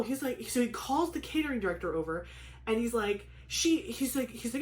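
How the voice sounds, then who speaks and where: A young woman chatting casually, telling a personal story with lots of "like" fillers and animated retelling. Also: a little high, fairly quick, echoey room. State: pregnant. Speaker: craft vlogger.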